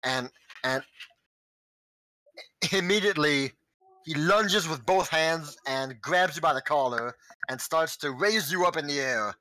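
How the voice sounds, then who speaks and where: A man narrating a tabletop game as game master, halting with many restarts and chuckles. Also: a little high, pushed and bright, no room sound, rough recording.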